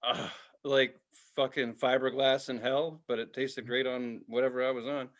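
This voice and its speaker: A man in his forties, a podcast co-host telling animated, profane stories and laughing at his own lines. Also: mid-range voice, normal speed, lo-fi sound. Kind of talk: casual storytelling.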